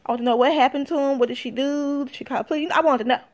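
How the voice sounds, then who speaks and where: A woman's voice: sits high, steady tone, rapid-fire, a little mellow. A woman vlogger telling a personal story in casual chat, talking straight to her viewers. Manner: chatty, addresses viewers directly.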